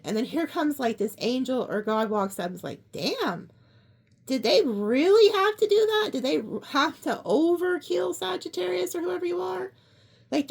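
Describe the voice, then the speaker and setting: A woman giving a casual tarot card reading, chatty and excitable, often gasping. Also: high voice, vocal fry. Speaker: tarot reader.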